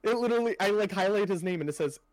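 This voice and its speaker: A man's voice: high-pitched, rapid-fire, no room sound. A young man chatting casually on a podcast, rambling with lots of fillers and casual swearing. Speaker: podcast co-host. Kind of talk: casual chat.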